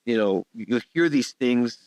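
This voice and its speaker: A man's voice: mid-range voice, animated, moderate pace, darkish tone, smooth, no echo, low-quality recording. A man hosting a podcast interview, rambling and heavy on fillers, repeating his words. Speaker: podcast host. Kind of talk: conversational interview. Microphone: podcast studio mic.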